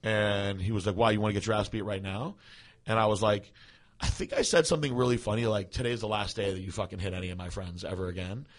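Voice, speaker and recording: Animated, swearing man telling a story. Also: on the low side, fast. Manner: animated, profane, laughing storyteller. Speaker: podcast co-host. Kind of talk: casual storytelling.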